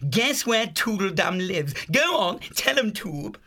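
A posh blustering young hare. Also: male voice, sits high, sing-song, unhurried, pushed and bright, full character voice. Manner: posh blustering slangy chatter. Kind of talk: full-cast audiobook acting.

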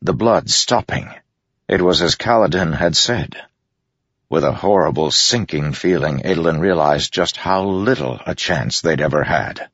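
A man reading a fantasy story aloud in a steady, dramatic way. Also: low voice, measured pace, slightly rough, no room sound, muffled recording. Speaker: audiobook narrator. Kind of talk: scripted fantasy narration.

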